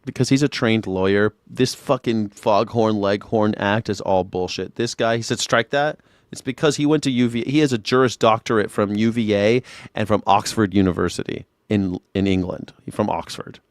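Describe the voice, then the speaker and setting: A man's voice: on the low side, normal speed, no echo, studio quality. Blunt, profane male talk host. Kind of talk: live news reaction commentary.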